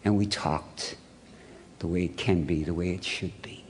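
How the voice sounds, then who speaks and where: A man from Ohio telling his recovery story to a meeting, blunt and gruff, swearing freely as he acts out the scenes. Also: sits low, fairly even intonation, a little slow, a little hiss or hum. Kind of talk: storytelling talk to an audience.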